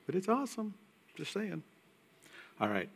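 A man preaching a sermon in a church, conversational and emphatic with quiet asides. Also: high voice, big pitch swings, normal speed, vocal fry, breathy edge. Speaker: pastor. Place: church sanctuary.

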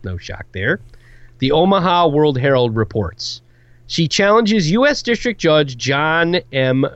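A man's voice: a little high, a bit bright, dry recording. A man co-hosting a casual podcast, reading a news story aloud with sarcastic asides. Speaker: podcast co-host.

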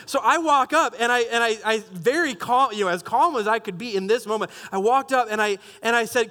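A young adult man telling a story in a sermon, animated and self-mocking, with many restarts. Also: very high-pitched, a little fast, few pauses. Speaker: pastor.

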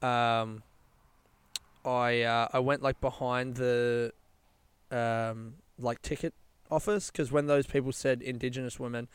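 A man's voice: mid-range voice, steady tone, unhurried, clean tone, no echo. A young man telling a long casual anecdote, rambling and swearing, laughing often. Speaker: storyteller.

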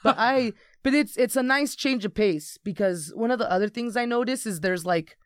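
A woman's voice: fairly high pitch, normal speed, dry recording, studio quality. A woman in her late twenties telling swear-laden stories in a casual podcast chat. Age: 20s. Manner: animated storyteller, swears freely. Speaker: podcast co-host.

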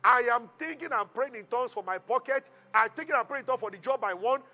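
A man preaching a sermon as pastor, retelling a Bible story with lively call-and-response to the congregation. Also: very high voice, fast talker.

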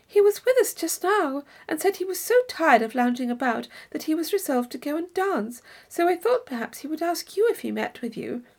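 A woman's voice: high voice, expressive, moderate pace, hardly any pauses, voice pushed up. A woman reading an audiobook, voicing a fussy, vague older lady chaperone with a mild, chattering manner.

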